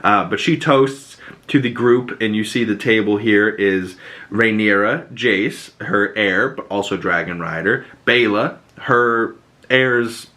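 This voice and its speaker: Bright-voiced man recapping a TV episode. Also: lowish voice. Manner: loose, profane, jumps in with quick acted quotes. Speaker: podcast host.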